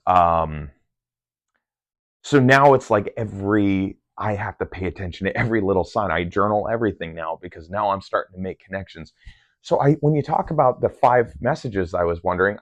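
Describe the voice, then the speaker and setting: A man's voice: low voice, no echo. A man casually recounting his meditation sessions in a rambling way, full of ums and restarts. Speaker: meditation vlogger. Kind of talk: casual first-person recounting. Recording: dull lo-fi sound.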